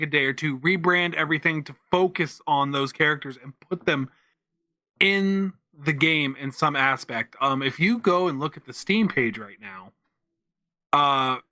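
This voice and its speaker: A man's voice: fairly high pitch, sharp tone, no room sound. A man co-hosting a casual podcast, talking games in a laid-back way with short replies. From central Pennsylvania. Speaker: podcast co-host. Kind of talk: casual chat about games.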